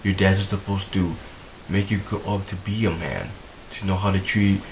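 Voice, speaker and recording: A man's voice: low-pitched, steady tone, normal speed, a little hiss or hum, rough recording. A young man talking earnestly to his viewers in a heartfelt vlog, rambling and repeating himself as he gets emotional. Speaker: vlogger. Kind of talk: earnest talk to camera.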